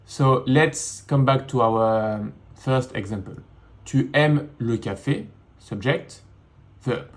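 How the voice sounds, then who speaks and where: Male teacher, slow and deliberate, beginner lesson from a home studio. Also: medium pitch. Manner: slow, repeats words in English and French. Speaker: French teacher.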